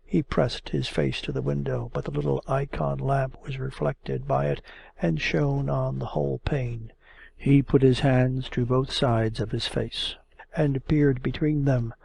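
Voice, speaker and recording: A man reads classic literature aloud in a measured, expressive audiobook narration. His mid-pitched voice is heavily gravelly and husky.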